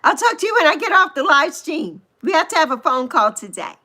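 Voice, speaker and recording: Bright, lively woman in her sixties. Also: high-pitched. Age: 60s. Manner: gushing, drawn-out coos and squeals greeting viewers. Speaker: livestream host. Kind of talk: casual livestream chat reading viewer comments.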